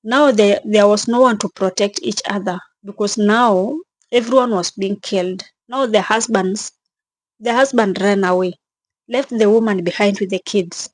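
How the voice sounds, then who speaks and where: A young woman vlogging with emotion, speaking in a halting way, repeating herself and sounding tearful and shaken. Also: medium pitch, no room sound. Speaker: travel vlogger. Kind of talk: emotional vlog narration.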